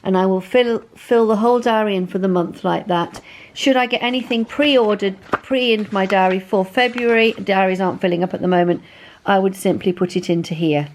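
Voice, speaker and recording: A woman's voice: mid-range voice, steady tone, brisk, slight background noise. A woman chatting casually in a sewing vlog, rambling and self-deprecating, talking into a phone at home. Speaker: sewing vlogger.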